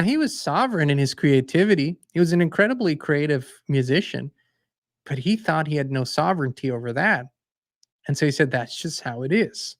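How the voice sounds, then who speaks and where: A man hosting his own show, telling anecdotes with emphasis and acting out the other voices, then speaking bluntly and forcefully. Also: fairly high pitch, no echo, clean studio sound. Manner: forceful and blunt toward the end. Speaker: host and songwriter. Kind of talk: casual spiritual monologue.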